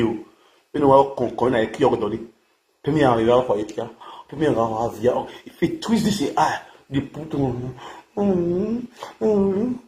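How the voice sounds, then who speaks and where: A man's voice: mid-range voice, darkish tone. A man with a Nigerian accent giving an angry, scolding rant as a vlogger. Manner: scolding, insulting, heated rant. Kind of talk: angry ranting commentary. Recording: echoey room, faint background noise.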